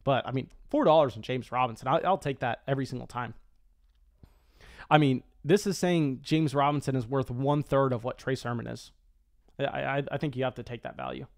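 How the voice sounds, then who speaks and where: Excitable man with restarts, commentating a draft. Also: mid-range voice. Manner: quick, excitable, frequent stammered restarts. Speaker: fantasy football streamer.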